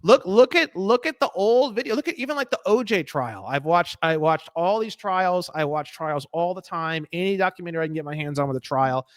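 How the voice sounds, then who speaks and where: A man in a casual interview, talking in an animated, profane, ranting way. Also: sits high, a little fast, few pauses, no echo. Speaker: guest.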